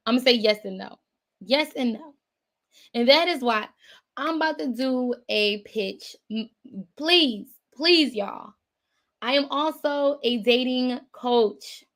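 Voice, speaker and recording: A woman dating coach chatting casually to her viewers, animated and often laughing as she calls them y'all. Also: on the high side.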